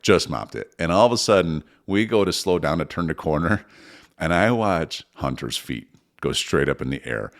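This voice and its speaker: Deep-voiced man telling a lively story. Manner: animated, laughing storyteller. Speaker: podcast co-host. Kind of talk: casual storytelling chat.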